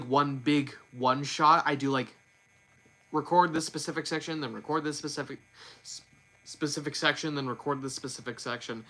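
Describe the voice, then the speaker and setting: A man's voice: mid-range voice, bright, forceful tone. A man chatting casually on a livestream, rambling and correcting himself with lots of fillers. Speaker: streamer.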